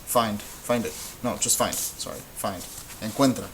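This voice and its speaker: Speaking in a fairly low voice, a male Spanish teacher gives a patient whiteboard lesson, taking each step slowly and occasionally correcting himself. Underneath him runs a faint hum of noise.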